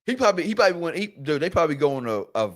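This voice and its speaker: A man's voice: fairly high pitch, very fast. A man co-hosting a podcast, chatting casually about sports, restarting phrases and acting out the people he quotes. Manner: animated storyteller, acts out quoted voices, repeats words. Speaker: podcast co-host.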